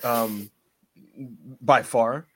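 A man co-hosting a casual wrestling podcast, joking, animated and laughing often. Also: medium pitch, drawn-out words. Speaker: podcast co-host.

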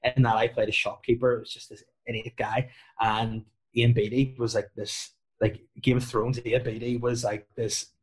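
A man in his thirties, a comedian, chats casually with a rambling, self-deprecating style. His voice sits at an ordinary middle pitch, and he tells his stories full of fillers and restarts. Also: flat delivery, moderate pace. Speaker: comedian and podcast guest. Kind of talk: casual chat.

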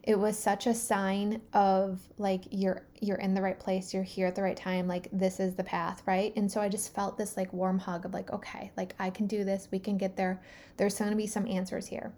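Woman, 30s, mellow voice, storytelling host who acts out the quotes. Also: medium pitch, normal speed. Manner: animated, filler-heavy retelling with acted-out quotes. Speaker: podcast host. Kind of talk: personal storytelling.

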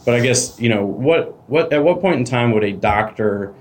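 A man's voice: mid-range voice, lively intonation, normal speed. A man with a Canadian accent, a financial advisor hosting a podcast interview, chatty and full of fillers. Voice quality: chatty, lots of "like" and "you know".

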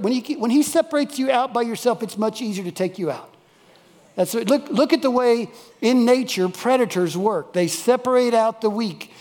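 High-voiced pastor preaching. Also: male voice, normal speed, a little mellow, big-room sound. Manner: folksy, emphatic, repeats key phrases. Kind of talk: sermon. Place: church worship service.

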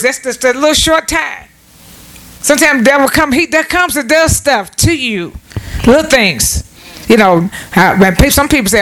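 A woman's voice: high voice, animated, fairly quick, fairly bright tone. Lady giving a little sermon from her house into her own camera, earnest, keeps saying amen. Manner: earnest, repetitive, punctuated with amens. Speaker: preacher. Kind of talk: home devotional sermon. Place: at home. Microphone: self-set camera.

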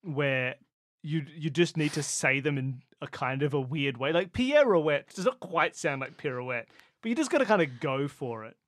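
A talkative Australian man with a fairly high voice, heard on a dry, close microphone. He explains things at length in an easygoing podcast chat and drifts into asides as he goes. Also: animated, normal speed, fairly bright tone, dry recording. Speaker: podcast co-host. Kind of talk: casual chat.

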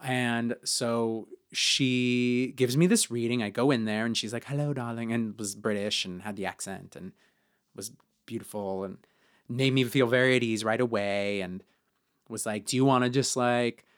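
A man's voice: fairly even intonation, a little slow. A man co-hosting a podcast, telling a personal story in a chatty way with many fillers. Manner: chatty, many fillers, acts out quotes in higher voices. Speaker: podcast co-host.

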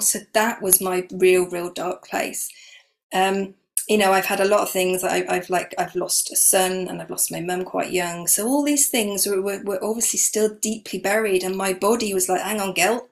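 Gravelly middle-aged woman. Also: mid-range voice. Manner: candid, emotional storytelling. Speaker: guest, energy healer. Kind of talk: personal story in an interview.

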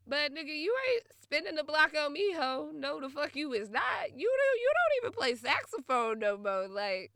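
A woman's voice: high voice, big pitch swings, moderate pace, hardly any pauses, a bit bright, no room sound. A young woman ranting casually about an old flame, blunt and profane, often laughing, recorded close and dry. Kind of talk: casual storytelling rant.

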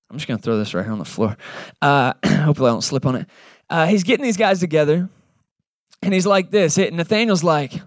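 Casting note: high-voiced male pastor, casual lively preaching, dry close sound. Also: no room sound. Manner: conversational, acts out Bible characters in quick voices. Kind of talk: sermon. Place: church service in a cinema.

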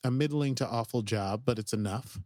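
Man, casual podcast recapper, animated, acts out lines, dry close sound. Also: medium pitch, brisk, no room sound. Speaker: podcast co-host. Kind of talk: casual chat recapping a TV episode.

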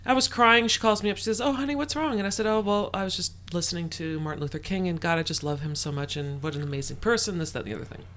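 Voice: mid-range voice, very fast, few pauses, a bit bright. An adult telling a personal story in a casual chat, acting out the quoted dialogue with lots of swearing.

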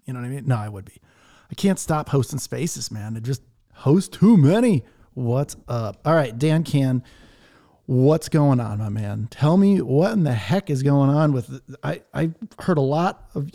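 Guy hosting a chill online chat, warm mellow voice, rambly, lots of likes and laughs. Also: medium pitch. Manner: rambling, laughs often, filler-heavy. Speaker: host. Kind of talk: casual chat.

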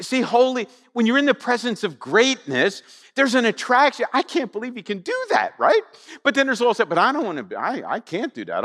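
A man preaching a sermon, animated and conversational, full of rhetorical questions to the congregation. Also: high voice, in a large hall. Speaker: pastor.

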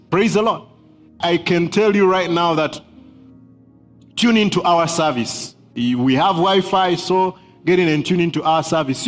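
A man preaching a sermon as pastor, emphatic, repeating key phrases and laughing between points. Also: high voice.

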